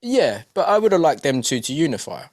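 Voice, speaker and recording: This man co-hosts a podcast about boxing, chatting animatedly with plenty of swearing, jumping between topics and cracking jokes in imitated voices. His pitch is on the high side and he speaks fairly quickly, in clean studio sound with no room tone.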